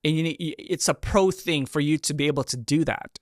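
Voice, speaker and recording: A man in his thirties hosting a reaction video, giving casual and animated commentary with excited exclamations. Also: a little high, a little fast, no echo, studio quality. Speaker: reaction video host, performer.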